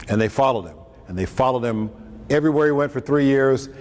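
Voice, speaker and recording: Man preacher, mid-pitch, casual joking delivery; recorded in a reverberant hall with faint ambience. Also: lively intonation, quick pace, darkish tone. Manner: conversational, joking asides, acts out quotes. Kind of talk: lunchtime talk on scripture. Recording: echoey hall, faint room noise, mic at a distance.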